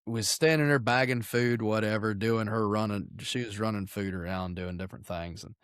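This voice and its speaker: A man's voice: on the low side, steady tone, normal speed, a bit bright, smooth, no room sound, clean studio sound. A man co-hosting a podcast, telling stories with crude jokes. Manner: crude, joking banter. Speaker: podcast co-host. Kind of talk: casual chat.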